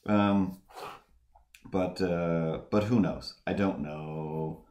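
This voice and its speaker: A man livestreaming while he draws, telling a rambling story in a casual, animated way. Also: sits low, very slow, roomy sound. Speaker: streamer drawing live.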